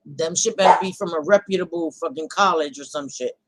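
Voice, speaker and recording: A woman hosting a casual talk show, speaking bluntly, reacting out loud and swearing freely. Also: fairly low pitch, fairly quick, heavy background noise. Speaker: host.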